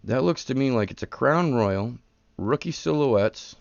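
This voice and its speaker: A man's voice: medium pitch, lively intonation, a little slow, vocal fry, no room sound, highs cut off. A man in his thirties hosting a live card-breaking stream, chatting casually and hyping up the pulls. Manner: chatty, rambling, hypes up the pulls.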